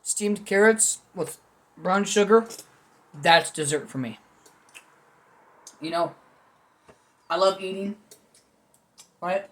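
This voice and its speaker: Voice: medium pitch, slow pace, long pauses, a bit bright. A young adult vlog host rambling through a casual food video with jokey, self-mocking commentary.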